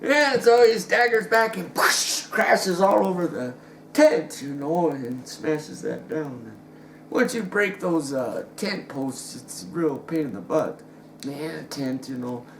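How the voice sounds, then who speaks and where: A man's voice: fairly high pitch, animated, slow, a bit bright. A man telling a rambling comic story, stumbling over restarts and chuckling as he goes. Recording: roomy echo with faint ambient noise.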